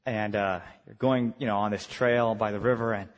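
A man preaching a retreat sermon, animated, swinging from hushed lines to shouting. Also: lowish voice, moderate pace, dull audio. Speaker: pastor. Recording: long hall reverb.

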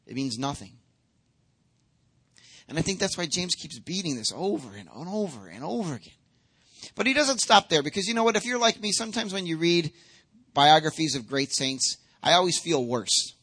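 A man preaching a sermon with a high, bright voice. He talks to the congregation in an emphatic, conversational way and acts out quotes as he goes. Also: breathy edge. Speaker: pastor.

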